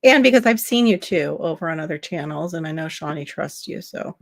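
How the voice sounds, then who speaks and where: A woman's voice: deep voice, expressive, fairly quick, creaky, no echo, clean studio sound. A woman from Florida with a nasal voice hosts a casual gardening livestream, chatting with viewers and answering their comments aloud. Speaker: livestream host.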